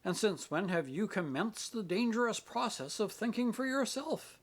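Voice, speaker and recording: A proud middle-aged minister speaks with stern authority and biting irony, his husky voice sitting a little high. A man voices him in an audiobook reading. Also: lively intonation, normal speed. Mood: stern reproach.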